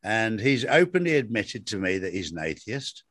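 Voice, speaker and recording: A man's voice: on the low side, very animated, moderate pace, fairly bright tone, breathy edge. A man in casual conversation about faith, telling personal stories and repeating phrases for emphasis. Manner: storytelling, emphatic repetitions.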